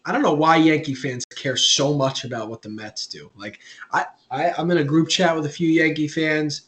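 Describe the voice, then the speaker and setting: A man's voice: normal speed, fairly bright tone. A young man co-hosting a podcast, talking sports in a casual, rambling way that turns heated when he rants. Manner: rambling, gets heated and high when ranting. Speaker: podcast co-host.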